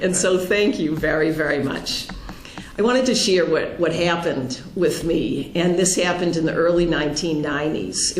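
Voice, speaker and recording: A woman's voice: lowish voice, reverberant. A middle-aged woman with a Boston accent, telling a personal story to a congregation in an earnest, storytelling way. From Pennsylvania. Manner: earnest, storytelling, lively quoted dialogue. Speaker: guest speaker.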